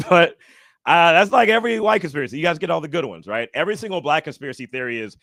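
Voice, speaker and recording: Animated man doing stand-up. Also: fast talker, vocal fry, dry recording. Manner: animated, acts out other people's voices with big jumps in pitch. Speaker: stand-up comedian. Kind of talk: stand-up comedy set. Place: comedy stage before a live audience.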